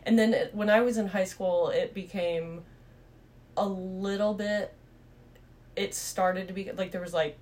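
A woman co-hosting a podcast in casual chat, relaxed and laughing along. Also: medium pitch. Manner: chatty, laid-back, quick to laugh along. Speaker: podcast co-host.

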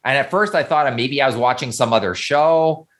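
A man's voice: medium pitch, moderate pace, fairly bright tone. A man co-hosting a podcast in casual chat, hesitant and restarting his sentences. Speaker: podcast co-host.

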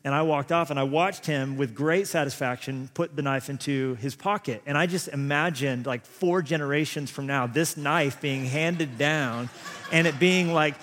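A man's voice: on the high side, moderate pace, fairly bright tone. A man in his thirties preaching a sermon, telling rambling, self-deprecating stories full of restarts. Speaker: pastor. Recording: long hall reverb.

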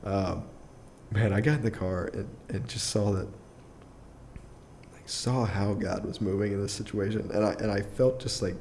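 Low, mellow-voiced young man telling a story. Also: fairly even intonation, normal speed, slight background noise. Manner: rambling, filler-heavy, restarts often, chuckles through his story. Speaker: podcast guest. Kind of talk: casual personal storytelling in an interview.

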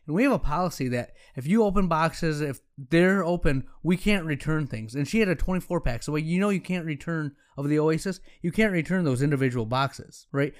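A man's voice: a little high, animated, fairly quick. A man who runs an optometry practice telling a story in a frank, conversational way, quoting himself and others as he goes. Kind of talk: casual storytelling talk.

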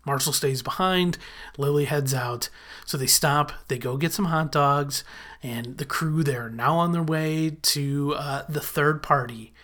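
A chatty recapper retelling a sitcom episode in a casual, animated way, quickly acting out short quoted lines. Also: mid-range voice.

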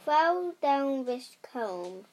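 A young reader voicing a skinny, scheming black cat with a coaxing manner. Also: female voice, high-pitched, big pitch swings, very slow, heavily acted.

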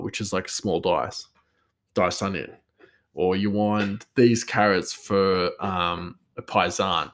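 Male chef, casual podcast monologue; lower pitch, hesitant, rambling, laughs easily. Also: slow pace, fairly bright tone.

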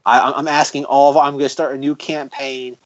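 A man's voice: mid-range voice, level tone, a little fast, no room sound, muffled recording. A man hosting a podcast in casual chat, exclaiming and repeating himself as he talks. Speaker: podcast host.

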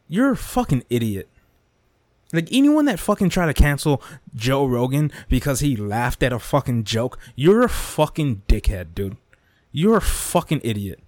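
Animated, profane young man ranting. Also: medium pitch, no echo, clean studio sound. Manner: animated, profane, repetitive, swings into mock whispers and impressions. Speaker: podcast host. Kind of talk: casual rant monologue.

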